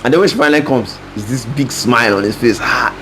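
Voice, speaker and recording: A man's voice: medium pitch, fast talker, a loud crowd, low-quality recording. A young man from Nigeria co-hosting a podcast, speaking casually with frequent restarts and fillers. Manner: hesitant, many restarts and fillers. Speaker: podcast co-host. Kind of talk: casual chat. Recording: faint background noise.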